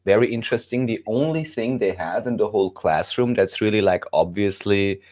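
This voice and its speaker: A male interviewer with a lowish voice. He asks long, winding questions that are padded with fillers. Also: brisk, darkish tone. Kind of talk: casual interview.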